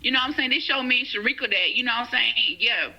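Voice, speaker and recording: Lady telling her story, bright husky voice, faint music under it. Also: a little high, fast talker, poor audio. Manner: conversational, often asks "you get what I'm saying". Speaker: guest sharing her life story. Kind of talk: personal testimony in conversation.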